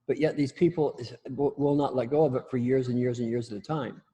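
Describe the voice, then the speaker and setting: A man's voice: mid-range voice, fairly even intonation, brisk, dark tone, slightly rough, muffled recording. A man teaching a class in a casual spoken style, often repeating and restarting his words, with blunt, salty humor. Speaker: instructor.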